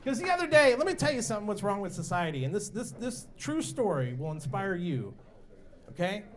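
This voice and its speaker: Brash high-pitched male comedian. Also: very animated, brisk. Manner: brash, rowdy, crude. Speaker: stand-up comedian. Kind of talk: stand-up comedy set. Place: bar and grill comedy night.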